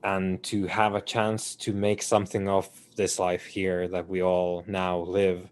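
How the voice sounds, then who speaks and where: A man playing a tabletop game, speaking in character in a measured, formal way. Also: low-pitched, completely flat delivery. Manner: slow, formal, measured speech. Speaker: player. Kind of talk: in-character tabletop role-play.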